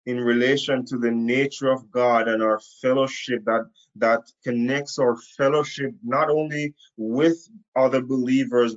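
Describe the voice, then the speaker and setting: Slow, emphatic male Bible teacher. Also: medium pitch, muffled recording. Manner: slow, emphatic, repeats key phrases. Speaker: preacher. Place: indoor room. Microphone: camera.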